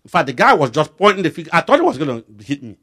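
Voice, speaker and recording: Animated Nigerian man preaching, high voice. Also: racing, breathy edge. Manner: animated, voice swinging from low and quiet to loud emphatic bursts; acts out back-and-forth dialogues while preaching. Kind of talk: sermon.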